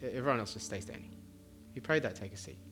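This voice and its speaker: A man's voice: medium pitch, rapid-fire, over music. A man who is a pastor, leading an earnest altar-call prayer at a church service and often repeating words as he speaks.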